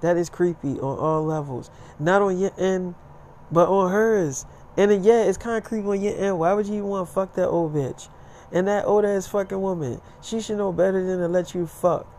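A woman's voice: fairly low pitch, unhurried, a little mellow, a little hiss or hum, natural voice. A man voicing a blunt teenage girl on the phone who scolds him with crude swearing. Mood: accusing.

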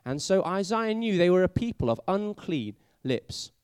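A man preaching a sermon, telling it like a story and asking his listeners many questions, sometimes dropping to a hushed voice for emphasis. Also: high-pitched, very animated, normal speed, clean tone, dry recording, clean studio sound. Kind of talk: sermon for a family audience.

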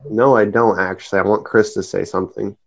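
A man's voice: fairly low pitch, fairly even intonation, brisk, vocal fry. A man joining a podcast as a guest in casual chat, drunk, rambling and swearing.

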